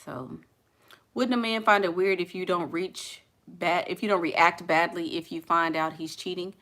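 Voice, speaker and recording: Blunt, bright-voiced Southern woman chatting. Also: fairly low pitch, normal speed. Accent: Southern US (Houston). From Houston, Texas. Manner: blunt, laughing, talks back to chat. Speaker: vlogger reading live comments. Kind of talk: casual chat.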